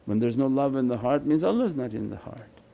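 A man giving a Sufi sermon as shaykh, impassioned and pleading, his voice swelling loud and then dropping low. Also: animated, quick pace, creaky, lo-fi sound.

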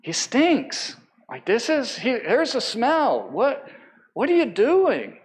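A man, a pastor, voicing an exasperated woman who frets in a high, hesitant voice during his sermon. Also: wildly swooping pitch, slow pace, full character voice. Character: exasperated woman fretting at a tomb.

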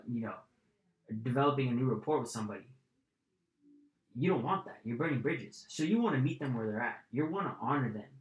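Blunt, swearing man coaching in echoey room. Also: medium pitch. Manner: blunt, profane, addresses listener directly. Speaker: communication coach. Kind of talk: casual spoken lesson.

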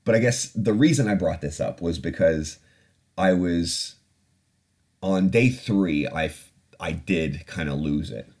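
Low and darkish in tone, this man's voice moves at a measured pace. Hosting his podcast, he shares a personal story casually, speaking with candor, profanity, and reflection.

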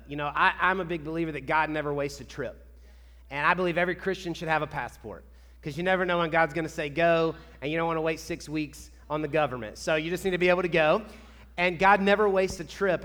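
A man from Kentucky, a pastor chatting excitedly with his church before the sermon. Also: fairly high pitch. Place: church sanctuary. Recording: echoey church hall.

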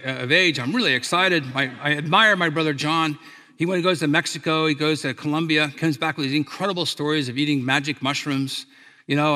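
Bright-voiced man telling stories in a hall. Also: on the high side. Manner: animated storyteller, acts out quoted voices, laughs at his own stories. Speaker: speaker giving a talk. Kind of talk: storytelling talk to an audience. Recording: long hall reverb.

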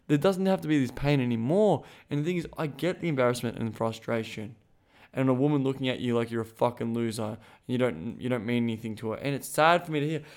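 A man's voice: mid-range voice, fast talker, a little mellow. A man hosting a podcast as a sexuality coach, talking in a frank, emphatic and profane way, with many restarts. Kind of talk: casual monologue.

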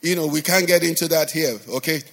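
A slightly high, fairly bright male voice with a steady tone and a little fast pace belongs to a pastor preaching in a reverberant church hall. He emphasizes in a sing-song way and keeps questioning the congregation call-and-response style.

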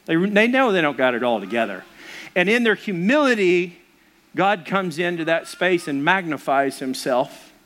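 High-voiced preaching man. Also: sing-song, normal speed, a bit bright. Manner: conversational preaching with personal stories. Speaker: pastor. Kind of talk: sermon.

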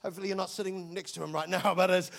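High, gravelly New preacher. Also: male voice, rapid-fire. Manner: energetic, conversational, jokey storytelling. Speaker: pastor. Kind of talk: sermon.

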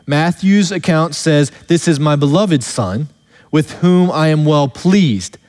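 A man preaches in a somewhat high voice, and his words trail off into the long reverb of a church sanctuary. He reads scripture slowly and with weight, then moves on in earnest explanation. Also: expressive, darkish tone. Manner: earnest expository preaching, slows down to stress quoted verses. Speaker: pastor. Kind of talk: sermon.

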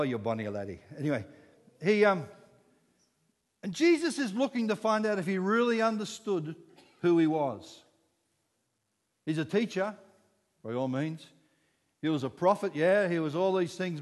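A Scottish man in his sixties preaching a sermon, telling the story with lively acted-out voices. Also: sits high, measured pace, long pauses, long reverb tail. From Scotland. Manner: animated storytelling, acting out voices.

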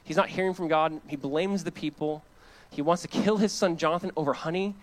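A man's voice: on the high side, brisk. A young adult man, a pastor, preaching a sermon. He reads scripture and retells it in casual words, and laughs between his points. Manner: animated, reads scripture aloud and paraphrases it casually.

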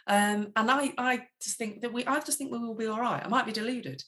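A woman's voice: on the high side, fairly even intonation, brisk, fairly bright tone. Enthusiastic woman co-host. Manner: enthusiastic, hesitant with fillers. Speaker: podcast co-host. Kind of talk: casual chat.

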